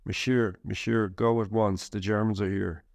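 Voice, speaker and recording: A man voicing an urgent French nursing sister in a read-aloud war memoir, giving hurried warnings. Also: fairly low pitch, flat delivery, creaky, no echo.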